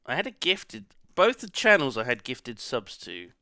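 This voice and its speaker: A man's voice: mid-range voice, huge pitch swings, moderate pace, pushed and bright, no echo, studio quality. A man chatting casually to his stream audience, rambling as he reacts to chat and swearing now and then. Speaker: live streamer.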